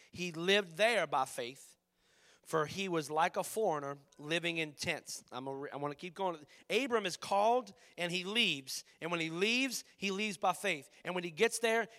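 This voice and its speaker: A man preaching a sermon as pastor, passionate, swinging between loud emphatic lines and hushed ones. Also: high voice.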